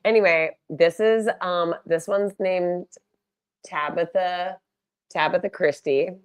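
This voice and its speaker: A woman's voice: fairly low pitch, fairly even intonation, slow pace, smooth. A woman hosting a casual livestream fundraiser on a laptop mic, rambling with loose restarts and the odd swear. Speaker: live streamer hosting a fundraiser.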